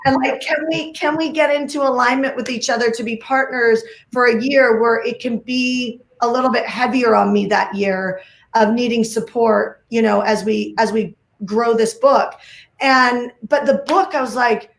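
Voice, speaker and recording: A woman giving an energetic talk on a video call, emphatic and full of repeated phrases and "like"s. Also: a little high, moderate pace, echoey room. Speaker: guest speaker.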